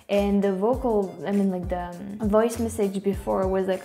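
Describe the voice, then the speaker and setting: Mellow-voiced French woman, hesitant. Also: mid-range voice, moderate pace, creaky, faint music behind. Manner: hesitant, many fillers and restarts. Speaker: YouTube host. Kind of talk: casual commentary.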